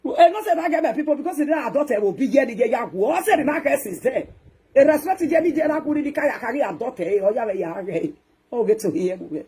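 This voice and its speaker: A woman with a Nigerian accent, a social media talk show host delivering a scolding, ranting monologue that swings between loud outbursts and hushed muttering. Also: sits high, animated, fast talker, husky.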